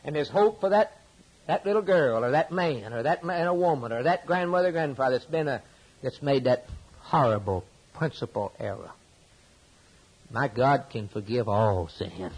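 A man delivers an impassioned sermon. His voice is husky, and his pitch swoops widely as he stacks up repeated lines, then drops low for quiet points. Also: low-quality recording. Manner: impassioned, preaching with rising and falling emphasis and repetition. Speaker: preacher.

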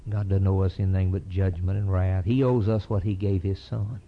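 An earnest preacher, speaking in a low voice. He drives his sermon with building fervor. The recording is dull and lo-fi. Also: little pitch movement, fairly quick, a little hiss or hum. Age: 50s. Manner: earnest, rising to an impassioned high pitch at climaxes. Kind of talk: sermon with closing prayer.

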